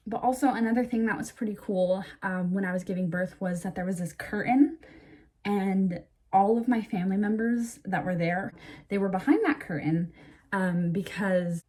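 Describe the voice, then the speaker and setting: A young woman talking casually to camera in a storytime vlog, full of fillers and "like", getting animated when she quotes people. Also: medium pitch, normal speed. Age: young adult. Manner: chatty, lots of fillers and "like"; animated when quoting others. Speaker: vlogger.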